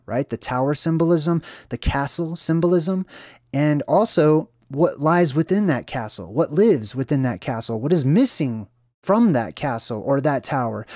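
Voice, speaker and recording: Male host, mid pitch, casual explainer with fillers, dry booth-like sound. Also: darkish tone, dry recording. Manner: conversational, frequent "right?" and "um" fillers; talks straight to viewers. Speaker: video host. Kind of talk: solo symbolism explainer monologue. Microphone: own mic after a sound check.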